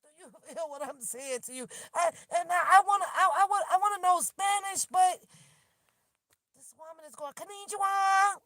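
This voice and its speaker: A woman's voice: very high-pitched, moderate pace, fairly bright tone. A woman vlogging from her car on a phone, ranting in an exasperated, laughing way and swearing freely. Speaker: vlogger talking to her viewers. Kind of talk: animated casual rant to camera. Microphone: phone camera.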